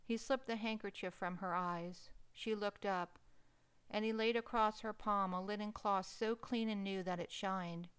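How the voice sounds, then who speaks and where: Woman narrator, mid-pitched and smooth-toned; expressive, emotional story reading. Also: a little slow.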